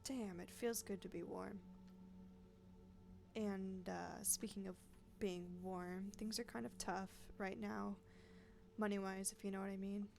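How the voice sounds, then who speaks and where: A proud, street-worn older woman who refuses charity and talks bluntly, her voice gravelly and rough at the edges, voiced by a woman reading along with a game. Faint game music plays underneath. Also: medium pitch, fairly even intonation, measured pace, a little mellow. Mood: bargaining. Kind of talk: reading game dialogue aloud.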